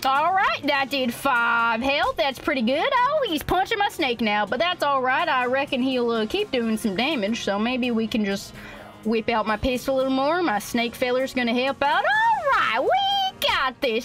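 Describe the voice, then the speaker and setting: A young woman streams a game, reading its text aloud and chatting in an exaggerated, folksy fake cowboy drawl. Her voice sits high and sing-song, with a fairly bright tone and normal speed, and she laughs a lot. It's playful let's-play commentary over faint game music.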